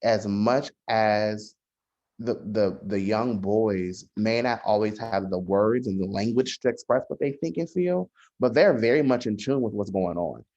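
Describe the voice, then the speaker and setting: A man, a social worker, talking in a casual podcast conversation, measured and often restarting his sentences. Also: on the low side, darkish tone. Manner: measured, frequent restarts and hesitations. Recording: dull lo-fi sound.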